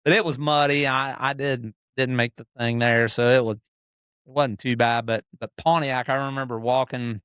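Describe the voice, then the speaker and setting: A middle-aged man, a motocross racer and podcast guest, telling stories in a casual, animated way that acts out other people and often restarts sentences. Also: mid-range voice, moderate pace, clean tone, dry recording, studio quality. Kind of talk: casual storytelling.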